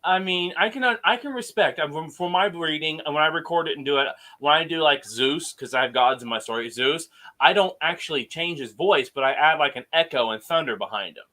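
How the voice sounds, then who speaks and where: Male talk-show host, slightly high, bright voice, lively and emphatic in casual chat. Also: brisk. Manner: animated, emphatic storyteller. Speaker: podcast host. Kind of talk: casual conversation.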